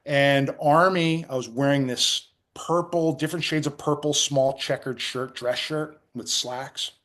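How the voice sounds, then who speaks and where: A middle-aged man from New Jersey, a guest in a casual interview, tells animated anecdotes and acts out quotes, with frequent restarts. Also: a little high, a little slow. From New Jersey, USA.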